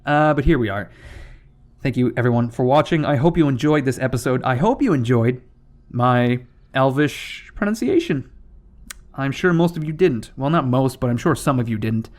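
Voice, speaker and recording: A man's voice: medium pitch, lively intonation, moderate pace, a little mellow. A young man hosting a strategy game playthrough, talking casually as he rambles, swears and corrects himself. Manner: rambling and profane, with self-corrections. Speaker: gaming channel host.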